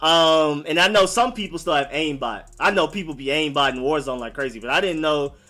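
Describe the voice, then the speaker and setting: A man's voice: fairly high pitch, a little fast, pushed and bright. A young man from Maryland raised in Atlanta, hosting a casual live stream in a loose, slangy way and answering viewers. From born in Maryland, raised in Atlanta. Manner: loose and conversational, slangy, lots of "like" and "y'all".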